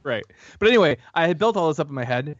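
A man's voice: a little high, expressive, fast, dry recording. A man in casual podcast talk rambles with plenty of fillers. His thoughts often trail off midway. The audio is dry and dull, like a lo-fi recording. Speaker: podcast co-host.

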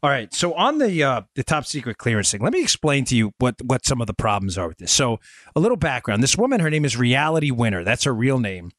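A man's voice: mid-range voice, sing-song, fast talker, fairly bright tone, no echo, studio quality. Emphatic, sarcastic man in his forties. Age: 40s. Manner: storytelling, addresses listeners as folks. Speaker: podcast host. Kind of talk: political commentary podcast.

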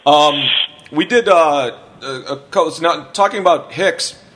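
A man's voice: on the high side, unhurried, a bit bright. Man telling rambling, profane anecdotes. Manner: swears freely, rambling anecdotes with restarts; acts out quotes of other people. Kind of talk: casual podcast chat.

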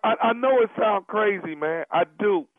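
A man's voice: high voice, normal speed, dry recording. A man making a prank phone call as a radio host, stammering and pleading, then insistent. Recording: dry, tinny phone-like sound.

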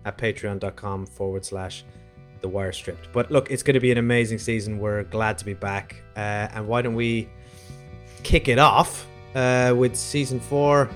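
A man's voice: lowish voice, steady tone, normal speed, soft background music. A man co-hosting a podcast, upbeat and chatty with many fillers. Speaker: podcast co-host. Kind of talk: casual podcast chat.

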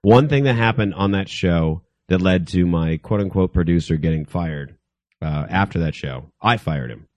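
A man's voice: deep voice, moderate pace, dry recording. A male comedian telling a story in casual chat, swearing freely and acting out the people in it. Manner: animated, swears freely, acts out quoted people.

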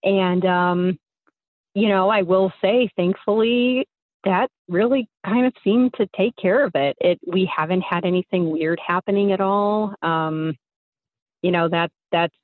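A woman's voice: lowish voice, dry recording. A young woman caller casually telling a story, rambling with lots of fillers, heard over a tinny phone line.

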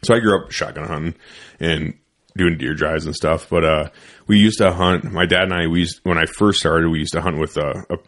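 A man's voice: low voice, steady tone, fairly quick, fairly bright tone. A young man hosting a podcast, telling a loose, profane, rambling story in a casual studio chat. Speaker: podcast host.

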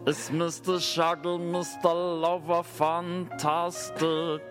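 Guy putting on a slow reggae lover voice, sing-song and cocky. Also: on the high side, flat delivery, music in the background. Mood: flirty boasting. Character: smooth-talking reggae singer impression, man, adult, flirtatious.

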